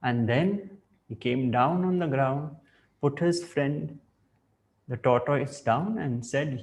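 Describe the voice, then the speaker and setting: A man giving a spiritual talk, reflective and deliberate, weaving in a parable. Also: mid-range voice, a little mellow. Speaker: spiritual teacher.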